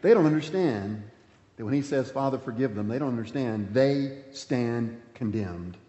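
A man pastor preaching a sermon, swinging between emphatic points and hushed, quiet passages. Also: mid-range voice, expressive, normal speed. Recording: echoey hall, dull sound.

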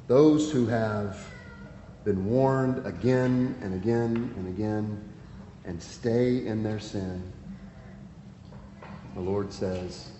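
A man's voice: lowish voice, takes it slowly, long pauses, mellow, a little hiss or hum. A man preaching a sermon, earnest and pleading, reading scripture aloud with emphasis. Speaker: pastor. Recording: echoey hall, dull lo-fi sound, faint ambience.

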